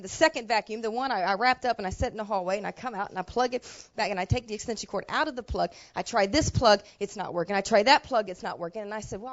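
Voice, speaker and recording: High-voiced woman pastor preaching. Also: dull audio. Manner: colloquial, swings between quiet asides and loud emotional bursts. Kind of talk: storytelling sermon. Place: church sanctuary.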